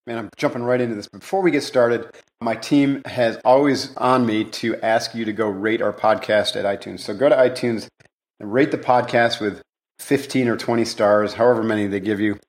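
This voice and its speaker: A man hosting a podcast in a casual, upbeat manner, chatty and quick to joke. His voice sits at an ordinary middle pitch. He leads the interview with easygoing questions. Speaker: podcast host.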